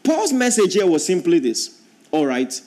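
A man preaching a sermon as pastor, reading scripture and repeating key lines, climbing into drawn-out emphatic passages. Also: high-pitched, wildly swooping pitch, dark tone.

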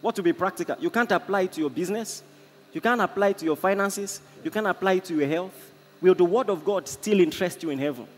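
Man, Nigerian accent, passionate sermon, high voice, reverberant church hall. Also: fast talker, slight background noise. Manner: impassioned, storytelling preaching. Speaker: preacher. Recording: echoey hall, faint ambience.

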